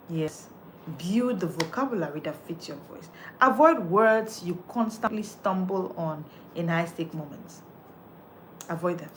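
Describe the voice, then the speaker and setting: A woman with a lowish voice gives a motivational coaching talk about how listeners speak, emphatic and repetitive as she drives each point home. There's slight background noise.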